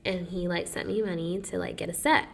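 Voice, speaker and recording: A woman's voice: lowish voice, brisk, gravelly. A young woman co-hosting a casual podcast, telling a long story and acting out what each person said, with "like" in nearly every line. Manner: animated storyteller who acts out quotes, says "like" often. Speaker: podcast co-host.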